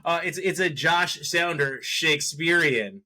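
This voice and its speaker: A man co-hosting a casual movie review podcast, rambling and animated as he works through his opinions, often correcting himself mid-sentence. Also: a little high, measured pace. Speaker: podcast co-host.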